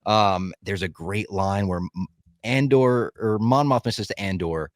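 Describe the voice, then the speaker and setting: A man's voice: on the low side, unhurried, dry recording, clean studio sound. A man in casual podcast chat, talking with enthusiasm, swearing freely and acting out lines he quotes. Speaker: podcast co-host.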